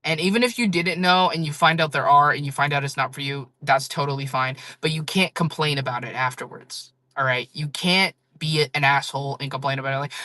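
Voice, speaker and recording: A woman's voice: lowish voice, a little fast, sharp tone, no room sound. A woman chatting casually on a livestream with her viewers, blunt and frank, laughing often and swearing freely.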